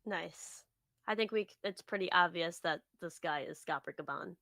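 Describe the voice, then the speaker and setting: A young woman co-hosting a casual live reaction chat, calm and agreeable, with short remarks. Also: fairly low pitch, normal speed, no room sound, clean studio sound. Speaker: co-host reacting to a manga chapter.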